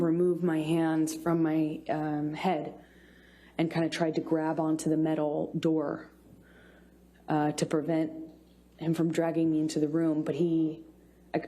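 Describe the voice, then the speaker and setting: A woman testifies from a courtroom witness stand in a low, mellow voice. She speaks very slowly and haltingly, breaking off and restarting her sentences. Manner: halting, with many restarts and pauses. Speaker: trial witness.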